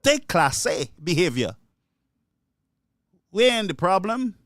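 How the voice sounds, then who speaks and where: In a slow but very animated delivery, a man with a Caribbean English accent voices his indignation over politics, going over the same points again and again in a solo monologue. His voice sits high with a fairly bright tone, recorded dry and clean in a studio.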